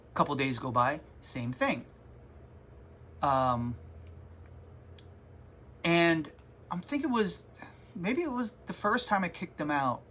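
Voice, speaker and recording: Bright-voiced man telling a rambling story. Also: fairly high pitch, slow, long pauses, a little hiss or hum. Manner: rambling, animated, self-interrupting. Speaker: comic shop owner. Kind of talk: casual storytelling vlog. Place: in his comic shop.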